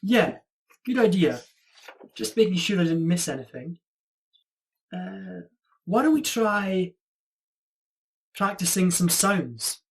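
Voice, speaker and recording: A man's voice: high-pitched, animated, takes it slowly, gravelly, pauses often, full character voice. A man playing a quirky friendly Scottish tutor. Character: quirky friendly Scotsman teaching accent. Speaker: student actor. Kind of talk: online student theatre. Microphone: video call.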